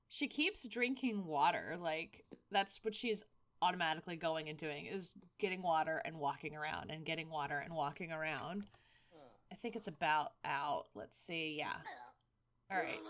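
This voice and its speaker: Woman, let's-play commentary, animated up-and-down pitch, excitable, gasping and giggling. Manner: excitable, frequent gasps and laughter. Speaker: gaming video host.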